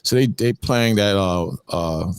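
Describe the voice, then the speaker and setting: A man's voice: fairly low pitch, a little slow, clean tone, no room sound. A man in a casual religious discussion, telling stories in an emphatic way. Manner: animated storytelling, emphatic.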